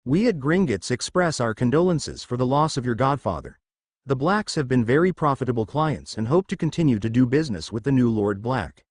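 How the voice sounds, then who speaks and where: A man narrating a fan fiction story in a steady, expressive storytelling voice. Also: medium pitch, brisk, no echo, clean studio sound.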